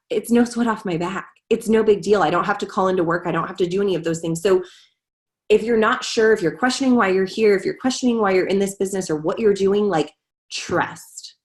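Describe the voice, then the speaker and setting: A woman speaks on a video call, pouring out a heartfelt testimonial to the group. She is earnest and a little rambling, with a voice pitched somewhat low. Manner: earnest and rambling, with many fillers like "like". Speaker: guest sharing her story.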